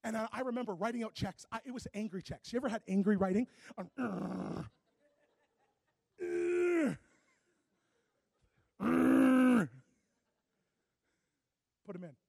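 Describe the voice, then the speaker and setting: A man preaching a sermon, telling a personal story and acting out both sides of the dialogue, moving from hushed to loud. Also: high voice, very fast, hardly any pauses, no echo.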